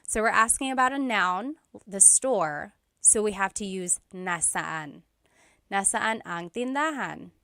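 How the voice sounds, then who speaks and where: A woman teaching a language lesson, explaining slowly and carefully with repeated example phrases. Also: medium pitch, lively intonation, pushed and bright, no echo, studio quality.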